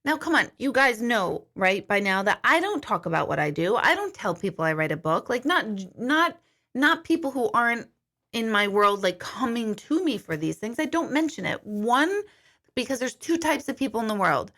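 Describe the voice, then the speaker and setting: Middle-aged woman hosting a casual livestream; bright, lively, chatty, a bit profane. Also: on the high side, moderate pace. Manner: chatty, animated, swears casually. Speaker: livestream host, medium. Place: home kitchen.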